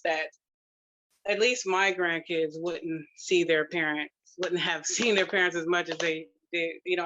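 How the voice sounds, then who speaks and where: A grandmother sharing a personal testimonial, emotional and close to tears, talking in a halting way with many fillers and restarts. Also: fairly low pitch, fairly bright tone, muffled recording. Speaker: grandmother sharing her family's experience.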